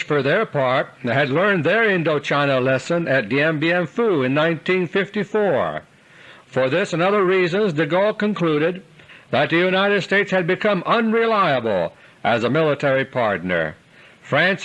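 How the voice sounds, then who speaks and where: A man's voice: a little high, big pitch swings, measured pace, fairly bright tone, rough recording. Grave man reading a political commentary. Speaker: commentator delivering an audio newsletter. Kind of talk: scripted spoken commentary.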